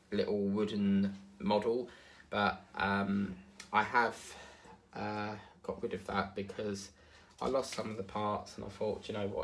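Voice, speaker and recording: A man's voice: lowish voice, creaky, a bit bright, a little hiss or hum. A man with an Essex accent tinged with South African, chatting casually and rambling while he works on a craft. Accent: Essex with some South African. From England. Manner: meandering, chatty, many fillers and asides. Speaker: diamond painting vlogger.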